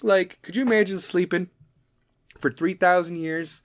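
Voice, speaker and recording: Profane sarcastic podcast host, dry sound. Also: male voice, sits high, normal speed, no echo. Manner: profane, sarcastic riffing on history facts. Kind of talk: casual comedic commentary.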